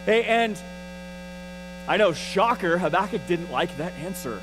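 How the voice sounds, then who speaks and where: A man teaches a Bible lesson in a loose, conversational way. He often restarts his sentences and keeps checking in with his listeners. His voice sits high for a man, and faint music plays underneath. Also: animated, a little slow, low-quality recording. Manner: restarts and repeats words often. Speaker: church teacher.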